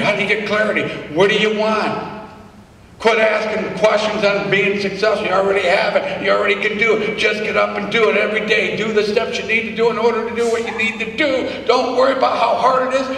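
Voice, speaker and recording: A man's voice: a little high, a bit bright, a little hiss or hum. A man giving a motivational speech to a live audience, punchy and repetitive, with folksy slang. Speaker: motivational speaker. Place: large hall. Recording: echoey hall from far off.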